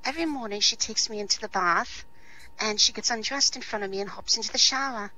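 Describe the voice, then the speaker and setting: Brief: young strapping male Great Dane, quiet and confiding, told by a woman. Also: medium pitch, quick pace, poor audio.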